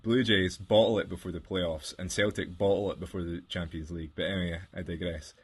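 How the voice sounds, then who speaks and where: A man's voice: low-pitched, fairly even intonation, fairly quick, slightly rough. A man co-hosting a podcast, telling rambling stories with laughs in casual chat. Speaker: podcast co-host.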